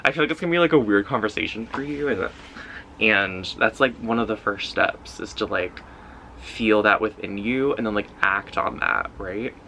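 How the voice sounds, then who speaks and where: Bright-toned man giving a tarot reading. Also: fairly low pitch, normal speed, creaky, slight background noise, poor audio. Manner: loose and intuitive, heavy use of "like" fillers. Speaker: tarot reader. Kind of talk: casual pick-a-card tarot reading.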